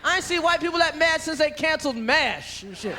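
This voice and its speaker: Male comic, very high voice, bright and punchy, crowd murmuring. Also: lively intonation, fairly quick. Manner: brash, profane, emphatic. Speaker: stand-up comedian. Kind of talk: stand-up comedy. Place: large theater stage. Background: audience laughter.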